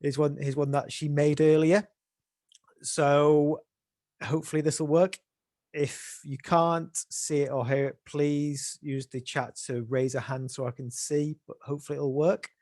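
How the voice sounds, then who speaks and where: A man's voice: fairly high pitch, little pitch movement, a little slow, darkish tone, no echo, studio quality. A man hosting a webinar, announcing the next section in an upbeat, informal way. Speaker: webinar host. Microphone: video call.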